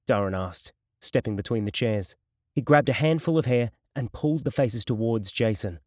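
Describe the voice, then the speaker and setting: A man narrating a crime novel audiobook in a steady, measured storytelling voice. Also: medium pitch, no echo, studio quality.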